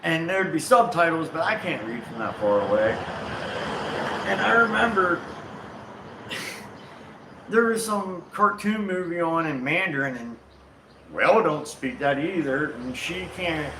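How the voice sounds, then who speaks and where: A man casually telling a personal travel story, rambling and animated with frequent self-corrections. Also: a little high, a little slow, pauses often, background noise. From United States. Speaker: vlog host. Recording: roomy echo with faint outdoor ambience and birds.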